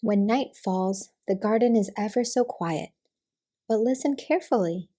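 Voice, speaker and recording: A young woman reading a picture book aloud to small children, gently naming the pictures and asking questions. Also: medium pitch, measured pace. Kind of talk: storybook reading to toddlers.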